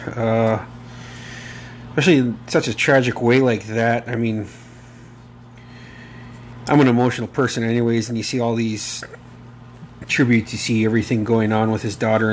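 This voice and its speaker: A man's voice: lowish voice, a little hiss or hum. A man in his thirties hosting a casual solo podcast, rambling and emotional, swearing freely and using many fillers. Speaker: podcast host.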